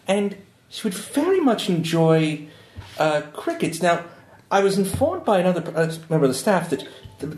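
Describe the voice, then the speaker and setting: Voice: medium pitch, a little mellow, roomy sound, pitched above the performer's own voice, close to an everyday voice, rough recording. A player doing a dotty, fluttery lady. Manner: fluttery and roundabout, trailing off. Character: eccentric, scatterbrained lady of a manor.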